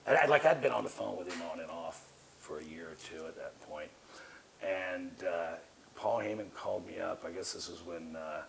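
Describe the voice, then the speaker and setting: A man's voice: deep voice, moderate pace, creaky, background noise. A middle-aged man, a guest on an interview show, telling rambling, profane stories in a casual way. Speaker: guest, wrestling manager.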